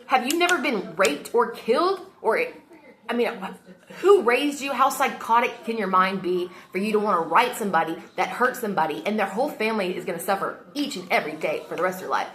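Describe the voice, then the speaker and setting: A woman's voice: mid-range voice, animated, fairly quick, a bit bright. A woman venting heatedly into her phone camera, swearing often as she talks. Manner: heated and emotional, frequent swearing. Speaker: vlogger. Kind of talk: casual rant to camera.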